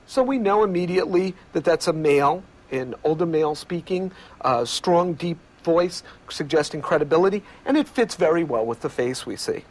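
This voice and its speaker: Measured male researcher explaining. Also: fairly high pitch, lively intonation, a little mellow. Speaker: communication researcher. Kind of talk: explanatory interview answers.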